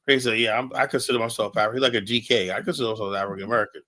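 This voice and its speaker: Rapid-fire and fairly low-pitched, this man's steady voice comes across pushed and bright despite poor audio from his online stream mic. He's hosting a livestream talk show of casual opinions, blunt and emphatic, often swearing, and he tells stories by quoting what people said.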